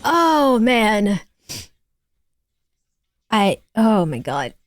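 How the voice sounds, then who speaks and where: A woman's voice: medium pitch, big pitch swings, extremely slow. A woman streaming a game, reacting casually and emotionally, gushing and swearing freely as she talks to her chat.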